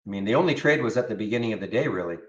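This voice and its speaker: A man hosts a live trading room, casually commenting on charts and answering viewers while often repeating words. His lowish voice has lively intonation and runs very fast, and the audio is dull.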